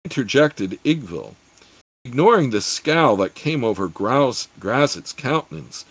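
A man's voice: mid-range voice, big pitch swings, a little slow, a bit bright, husky, no room sound, rough recording. A man narrating a fantasy audiobook expressively, with occasional self-corrections.

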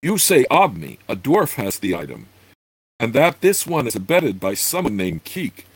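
A man's voice: mid-range voice, very animated, normal speed, slightly rough. A man voicing a stern male elf warrior who coldly threatens a captive, as he reads a fantasy novel aloud. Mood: menacing. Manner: cold, threatening, commanding.

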